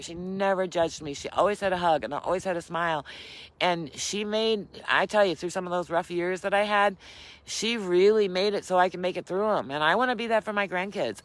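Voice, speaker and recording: Bright-voiced grandmother giving a pep talk. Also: on the low side. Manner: repeats phrases for emphasis, laughs often. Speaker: keto vlogger and host. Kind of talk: casual motivational live stream.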